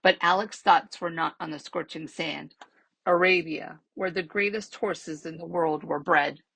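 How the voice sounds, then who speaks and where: A woman reading a children's novel aloud as a library storyteller, steady and measured, with soft trailing endings. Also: sits low, vocal fry, slightly rough, no room sound, poor audio.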